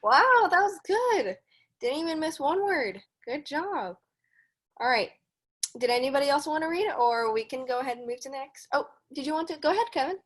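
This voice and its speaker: A woman presenting a read-along for young children over a video call, reading a picture book aloud slowly and carefully, with encouraging asides to the kids. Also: sits high, lively intonation, a bit bright.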